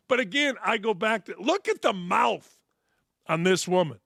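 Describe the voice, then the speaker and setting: A man's voice: high-pitched, lively intonation, moderate pace, vocal fry, a bit bright, dry recording, studio quality. A male sports talk show host delivering a blunt, profane, opinionated monologue full of sarcastic asides. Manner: brash, blunt, profane ranting; mocks others with sarcastic put-on quotes.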